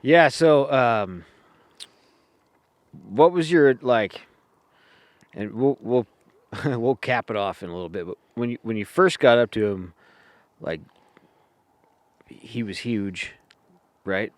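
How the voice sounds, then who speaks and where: A man's voice: medium pitch, slow pace, long pauses, no room sound. A man hosting a casual podcast interview who asks loose, rambling questions. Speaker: podcast host.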